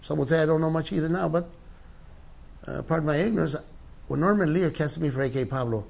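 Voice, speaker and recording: An older man answering interview questions in an impassioned, emphatic way, rising in pitch on his key points. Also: quick pace, creaky, a little mellow.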